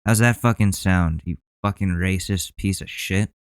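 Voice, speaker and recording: A man's voice: low-pitched, normal speed, clean tone, no room sound. A male podcast host ranting heatedly in profane commentary.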